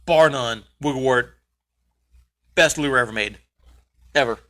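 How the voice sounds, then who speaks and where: A man's voice: medium pitch, measured pace, a bit bright. A man hosting a casual podcast, telling stories in an emphatic, joking way. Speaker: podcast host. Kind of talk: casual chat.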